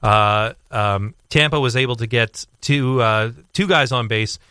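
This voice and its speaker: Bright, crisp-voiced young man chatting sports. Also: mid-range voice, measured pace, no room sound, studio quality. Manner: rambling, many fillers and restarts; animated storytelling. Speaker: sports commentator guest. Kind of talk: casual radio sports chat.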